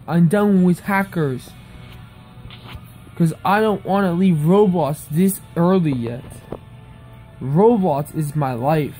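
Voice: medium pitch, warm tone. Young speaker ranting and pleading. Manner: ranting, pleading, says "beep" in place of swear words. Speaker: upset player. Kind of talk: angry rant to camera.

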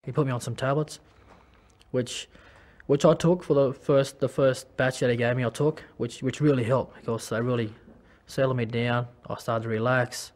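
An Australian man talking about his own life in a personal testimony. He speaks in a halting way, with many restarts and fillers. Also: medium pitch, steady tone, a little mellow. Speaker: former rugby league player.

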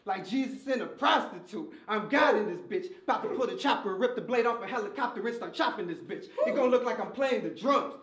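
A man's voice: high voice, animated, fairly quick, hardly any pauses, fairly bright tone, roomy sound. A man battle rapping a cappella, delivering taunting punchlines at an opponent at a live event. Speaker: battle rapper.

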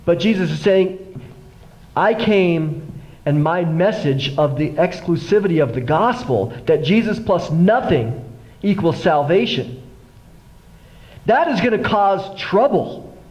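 Animated middle-aged male pastor preaching. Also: sits high, takes it slowly, poor audio. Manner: animated storytelling, acts out quoted voices. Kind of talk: sermon. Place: church sanctuary.

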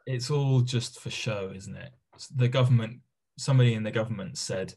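Male co-host, low husky voice, matter-of-fact, casual chat. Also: moderate pace, dark tone. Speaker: podcast co-host.

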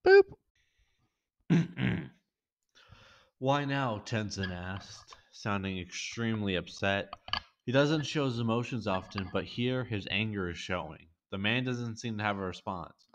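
A man's voice: on the low side, normal speed, fairly bright tone, a little hiss or hum. A man reading a fan fiction story aloud, voicing every character in his own voice, with small slips as he reads. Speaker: story reader.

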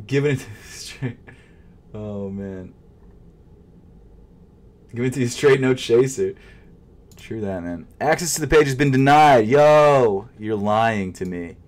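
A man who vlogs about sneakers, commenting casually while trying to buy shoes online, muttering in frustration and jumping between loud outbursts and whispers. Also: medium pitch, takes it slowly, pauses often. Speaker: sneaker vlogger.

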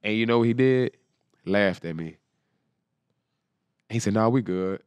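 A football player in his twenties, speaking a little slowly in a lowish, clean voice, earnestly retells an emotional story in a casual storytelling interview. He's animated and acts out every person's lines, and there's no echo.

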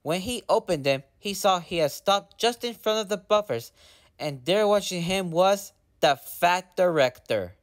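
A man reading a children's storybook aloud in a steady, gently expressive way. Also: a little high, a little slow. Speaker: storybook narrator.

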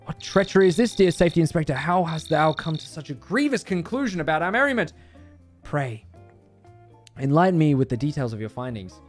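Man playing a young romantic nobleman, archaic phrasing, grandiose, theatrical, lively pitch. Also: a little fast, soft background music, close to an everyday voice. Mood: alarmed. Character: flowery young male lover, theatrical nobleman. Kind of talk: reading game chatbot lines aloud.

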